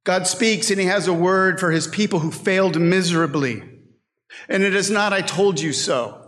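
A man preaching a sermon as pastor, slow and deliberate, reading scripture and poetry dramatically. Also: sits high, fairly bright tone. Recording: long reverb of a church hall.

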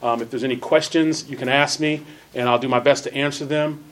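A man's voice: mid-range voice, fairly even intonation, a bit bright. Earnest man teaching a Bible class. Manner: earnest, repeats phrases for emphasis; reads scripture slowly with stressed words.

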